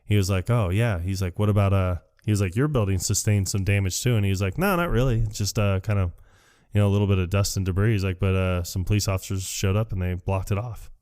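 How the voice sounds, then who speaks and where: Animated man recapping a movie. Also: low-pitched, fast talker. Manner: retells scenes animatedly, acting out quotes with laughs. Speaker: podcast co-host. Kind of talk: casual movie recap chat.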